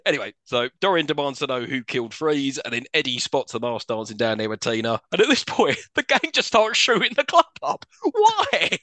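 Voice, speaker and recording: Animated man recapping a film. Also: mid-range voice, no echo. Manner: animated recapping, quick to laugh, acts out scenes. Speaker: podcast co-host. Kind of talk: casual film-review chat.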